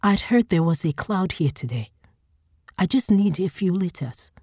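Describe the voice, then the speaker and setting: A woman's voice: on the low side, expressive, measured pace, mellow, breathy edge, no echo, clean studio sound, pitched above the performer's own voice. A woman voicing a curt, weary young woman traveller in a storybook reading. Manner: curt and snappish.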